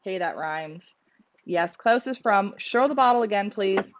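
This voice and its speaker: A woman's voice: mid-range voice, expressive, measured pace. A woman co-hosting a pigeon club livestream, greeting viewers and teasing her partner. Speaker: co-host. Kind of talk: casual livestream banter. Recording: slightly dull lo-fi sound.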